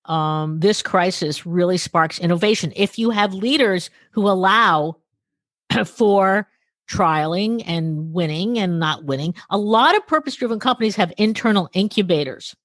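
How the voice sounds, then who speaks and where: A woman being interviewed, telling her stories with lively energy and voicing the people in them. Her voice is a touch hoarse, as if she is losing it. The recording is close and dry, with no room sound. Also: medium pitch, a little slow, dry recording. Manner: animated, acts out quoted dialogue. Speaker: guest. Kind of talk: storytelling interview conversation.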